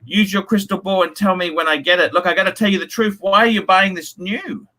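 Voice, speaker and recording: A man's voice: high-pitched, a little fast, bright, forceful tone. A man hosting a casual livestream, reading donations and ranting bluntly with lots of swearing. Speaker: livestream host.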